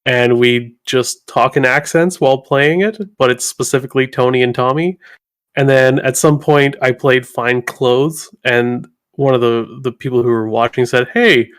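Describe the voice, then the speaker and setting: A man's voice: medium pitch, fairly even intonation, moderate pace, clear, resonant tone. A man co-hosting a podcast, telling things in a rambling, laughing way with many fillers. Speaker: podcast co-host. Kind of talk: casual chat.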